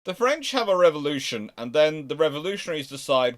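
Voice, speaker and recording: A man's voice: on the high side, sing-song, fairly quick. A man hosting a casual history livestream, making wry asides and answering viewers' chat as he goes. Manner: chatty, wry asides, reads chat aloud.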